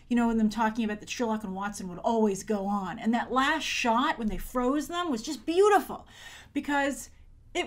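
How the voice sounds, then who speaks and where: Woman, TV review host, casual, animated, mocking quoted voices, higher pitch. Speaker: film and TV reviewer, show host.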